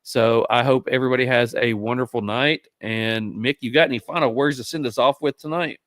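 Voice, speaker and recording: A man's voice: medium pitch, steady tone, fairly quick, a bit bright, no echo. A man hosting a casual podcast, wrapping up the episode in a rambling, affectionate, joking way. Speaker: podcast host. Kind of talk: casual chat.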